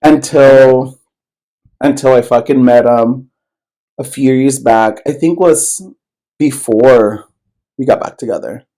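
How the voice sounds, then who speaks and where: A man co-hosting a podcast, drawling through a personal story at an unhurried pace, his pitch sitting in a middle range. He rambles, circles back, swears freely and leans on plenty of fillers. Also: warm tone, poor audio. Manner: loose and rambling, heavy swearing, many fillers. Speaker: podcast co-host. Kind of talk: casual storytelling chat.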